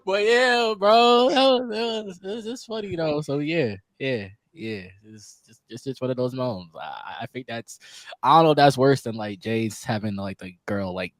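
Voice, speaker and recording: A man's voice: medium pitch, moderate pace, hardly any pauses, dry recording. A man co-hosting a podcast, joking and teasing in casual chat. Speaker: podcast co-host.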